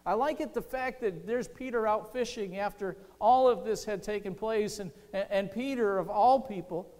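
A man preaching a sermon as pastor, impassioned, swinging between loud outbursts and hushed, tender lines. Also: high-pitched, moderate pace. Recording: reverberant hall.

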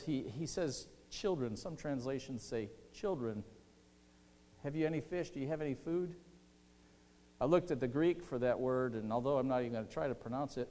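A man preaching a sermon as pastor, impassioned, swinging between loud outbursts and hushed, tender lines. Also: a little high. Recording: reverberant hall.

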